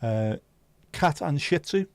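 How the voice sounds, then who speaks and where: A man's voice: fairly high pitch, lively intonation, slow, darkish tone, dry recording. A man hosting a livestream, chatting casually with viewers and teasing them. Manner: joking, teasing, chatty banter. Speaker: livestream host.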